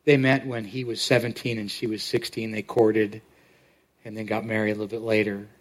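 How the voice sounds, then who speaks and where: Halting, plain-spoken male pastor preaching. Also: lowish voice, flat delivery. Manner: halting, repeats words, warm storytelling. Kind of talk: sermon. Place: church sanctuary.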